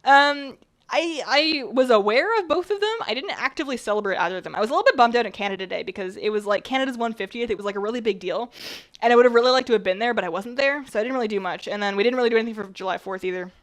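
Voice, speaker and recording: Chatty woman, a little rough from a cold. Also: fairly high pitch, rapid-fire. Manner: chatty, rambling, lots of "like". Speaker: baking streamer. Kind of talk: casual chat while baking.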